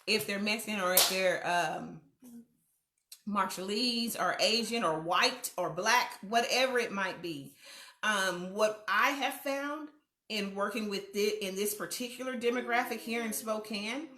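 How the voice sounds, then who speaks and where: A woman's voice: medium pitch, a little slow. A middle-aged woman hosting a mentoring livestream from home, telling stories and acting out quoted voices with laughs. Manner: animated storyteller, acts out quoted voices with laughs. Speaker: host of a youth mentoring livestream. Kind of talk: casual livestream talk. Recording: echoey home room.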